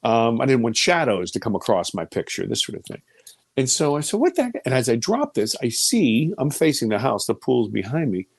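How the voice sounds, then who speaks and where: A man in his fifties telling a personal story as an interview guest, animated and swinging between loud exclamations and hushed near-whispers. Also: mid-range voice, normal speed, gravelly, breathy edge, dry recording. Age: 50s.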